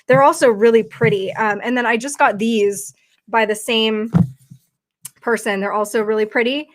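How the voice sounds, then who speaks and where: A woman's voice: a little high, fairly even intonation, normal speed. A woman hosting a casual livestream, talking chattily and rambling with lots of fillers into her computer mic. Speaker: livestream host.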